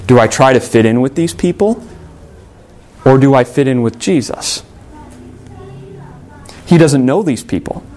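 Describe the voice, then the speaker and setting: Animated man preaching a sermon. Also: mid-range voice, measured pace, long pauses. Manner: animated storytelling, acting out quoted lines. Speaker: pastor.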